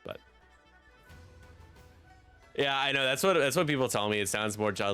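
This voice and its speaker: Gravelly, bright-voiced man commentating. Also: fairly low pitch, expressive, moderate pace, long pauses, faint music behind. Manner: joking, self-deprecating. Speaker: league commentator. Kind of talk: live stream game commentary.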